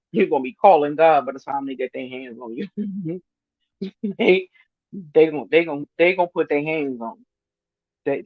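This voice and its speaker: A woman in her fifties chatting casually to her viewers on a livestream, animated and laughing often as she reads their comments. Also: low-pitched, no room sound. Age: 50s. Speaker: vlogger reading viewer comments. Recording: dry, slightly muffled lo-fi sound.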